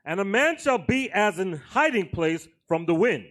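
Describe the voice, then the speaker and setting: A man reading scripture aloud in a church service, slow and measured. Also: high-pitched, big pitch swings, a bit bright.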